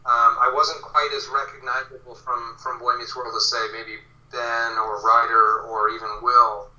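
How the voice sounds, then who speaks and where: A middle-aged man tells lively stories as an interview guest, slipping into the voices of the people he met. His tone is very bright and forceful. He sounds distant and roomy, with muffled lo-fi sound. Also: mid-range voice, moderate pace. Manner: animated anecdotes with quoted voices. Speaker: guest actor. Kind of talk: casual interview storytelling.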